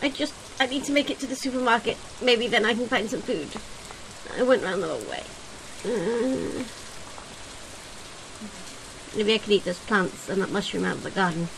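A woman's voice: fairly high pitch, brisk, gravelly, background noise. A woman giving casual let's-play commentary, comically dramatic and given to whiny pleading. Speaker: video game player.

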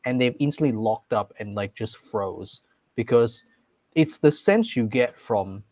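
A man's voice: mid-range voice, lively intonation, measured pace, darkish tone, no room sound. Man, podcast co-host, thoughtful, lots of likes, dry close sound, dull lo-fi audio. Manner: thoughtful, hedging with many likes. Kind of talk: casual chat about ghost stories.

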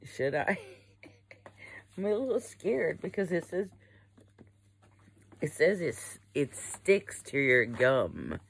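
A woman's voice: deep voice, big pitch swings, slow, vocal fry, long pauses, slightly rough, poor audio. A young adult woman chatting casually while unboxing a haul. She rambles, swears freely and often trails off mid-sentence. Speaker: vlogger.

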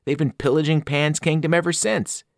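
A man's voice: on the high side, fairly even intonation, moderate pace, gravelly, no room sound, pitched above the performer's own voice. Anxious young satyr, earnest and pleading, dry close sound, read by a man.

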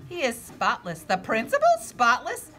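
Expressive woman reading a children's book aloud. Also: a little high, moderate pace. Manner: expressive, with gasps and asides to young listeners.

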